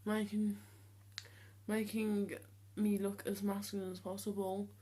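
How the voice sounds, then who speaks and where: A seventeen-year-old young man talking casually to the camera in a vlog, hesitant with many ums and restarts, speaking in a voice he has deliberately trained lower. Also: completely flat delivery, mellow. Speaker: vlogger.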